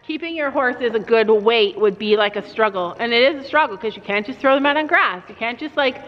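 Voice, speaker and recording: A woman's voice: on the high side, expressive, fairly quick. A middle-aged mother vlogging casually at a horse barn, chatty and rambling with lots of fillers. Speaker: mom vlogger. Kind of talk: casual vlog chat. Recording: dull lo-fi camera audio.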